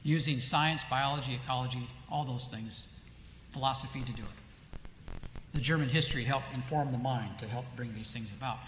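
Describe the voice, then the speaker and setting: A man's voice: mid-range voice, moderate pace, a bit bright, slight background noise. Emphatic male lecturer in an echoey hall. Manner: emphatic, asks rhetorical questions and answers them. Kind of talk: lecture with read-out quotations. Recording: echoey hall with long reverb.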